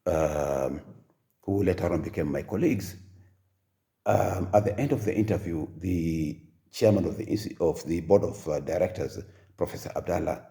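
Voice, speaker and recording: Gravelly, deep-voiced older Kenyan man. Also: animated. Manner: halting, soft-spoken, full of pauses and fillers. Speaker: storyteller. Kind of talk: personal life story.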